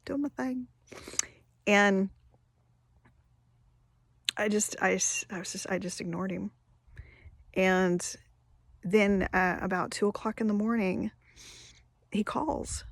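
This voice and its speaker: A woman's voice: mid-range voice, little pitch movement, slow, vocal fry, long pauses, no echo. A woman in her fifties telling a personal story in a candid, rambling way, often restarting her sentences. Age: 50s. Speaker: vlogger. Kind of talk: confessional storytelling.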